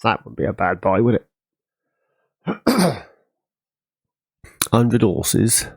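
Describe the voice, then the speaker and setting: Chatty low-voiced man. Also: big pitch swings, drawn-out words, gravelly, breathy edge, no echo, rough recording. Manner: chatty, rambling, self-correcting. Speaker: gaming channel host. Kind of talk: casual farming game commentary.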